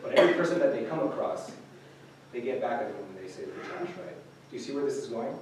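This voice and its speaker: A man's voice: medium pitch, animated, fast, a little mellow, slight background noise. A man giving an informal sermon to a group, talking casually with many fillers and restarts. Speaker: youth speaker. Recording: echoey room recorded from a distance.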